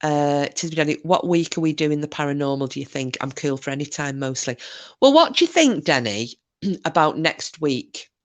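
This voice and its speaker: Scottish woman, low voice, livestream host, chatty, teasing, reads chat aloud. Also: animated, moderate pace. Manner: chatty and teasing, mild swearing. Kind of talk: casual livestream chat reading comments aloud.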